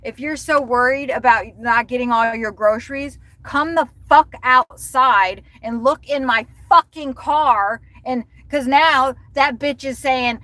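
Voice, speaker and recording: A woman's voice: high voice, measured pace, few pauses, bright, forceful tone, dry recording, low-quality recording. A woman delivery driver ranting angrily on a livestream from her car, swearing constantly. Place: inside a car while driving.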